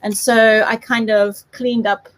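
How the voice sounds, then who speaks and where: A woman's voice: fairly high pitch, flat delivery, slow pace, noisy background. A woman from South Africa with a light South African accent, giving a chatty, giggly live papercraft tutorial. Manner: chatty, giggly, self-deprecating. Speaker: papercraft demonstrator.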